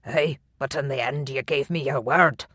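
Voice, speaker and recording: A gruff Scottish clan chief, older and quick to take offence, blusters at every slight. The audiobook narrator puts him on with a slightly lowered, rougher tone. Recorded dry and close. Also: bright, forceful tone, no room sound. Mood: indignant. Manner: blustering, defensive. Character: gruff older male Highland laird.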